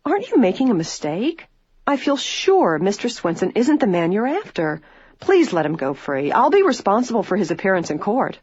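An audiobook reader voicing a composed young female detective who speaks coolly and firmly, pitched well above the narration. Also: very animated, normal speed, a little mellow, breathy edge, dry recording, highs cut off. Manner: cool, firm, persuasive.

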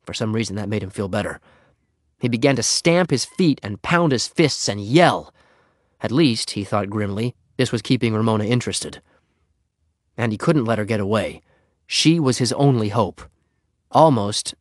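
A man narrating a children's storybook with lively, expressive inflection. His middle-pitched voice moves widely through each sentence, recorded close in a dry space. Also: normal speed, no room sound. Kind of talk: audiobook reading.

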